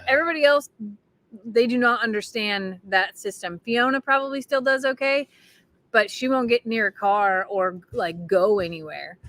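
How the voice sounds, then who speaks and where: A woman's voice: fairly high pitch, normal speed, a bit bright. A woman co-hosting a casual coffee chat, chatty, enthusiastic and rambling.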